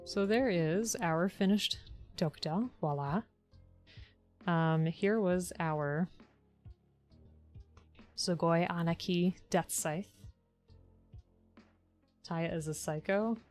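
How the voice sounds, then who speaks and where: Casual woman streamer, lower voice, chatty and upbeat, faint music under her. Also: slow pace, long pauses. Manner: chatty, upbeat, thanks viewers warmly by turns. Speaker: live-streamer building model kits. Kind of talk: casual live-stream chat.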